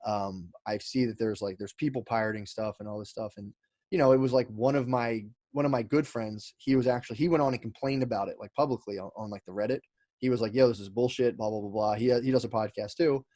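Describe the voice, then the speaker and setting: Fast-talking man, rambling and profane. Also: mid-range voice, darkish tone, no room sound. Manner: rambling, profane, many fillers and restarts. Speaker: podcast guest. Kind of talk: casual storytelling chat.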